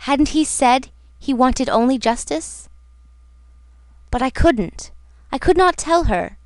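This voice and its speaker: A woman narrating a classic novel as an audiobook in a measured, dramatic reading. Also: high-pitched, lively intonation, no echo. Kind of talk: scripted narration.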